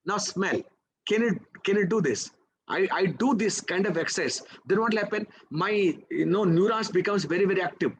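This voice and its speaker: Indian english guy, pretty high voice, coaching a class, keeps going "okay? right?". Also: animated, normal speed, slight background noise, poor audio. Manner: coaxing, peppers talk with "okay?" and "right?"; poses rhetorical questions to the class. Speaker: memory trainer. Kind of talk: live teaching session.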